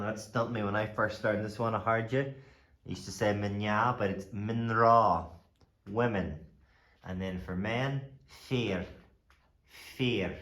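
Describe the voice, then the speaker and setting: A man teaching a language lesson, saying each phrase and then repeating it slowly for the listener. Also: on the low side, a bit bright, roomy sound.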